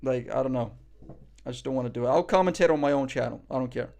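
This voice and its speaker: A man's voice: mid-range voice, fast talker, creaky, darkish tone. A man streaming live, reacting in casual chat; cocky, joking, profane and rambling.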